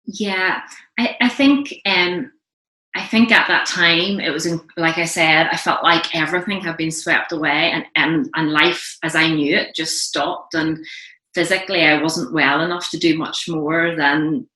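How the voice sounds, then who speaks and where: A woman speaks as an interview guest, her voice low-pitched but bright and forceful. She talks earnestly, halting and restarting her sentences. The room around her is roomy and echoing. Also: steady tone. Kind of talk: casual interview, personal testimony. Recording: roomy echo.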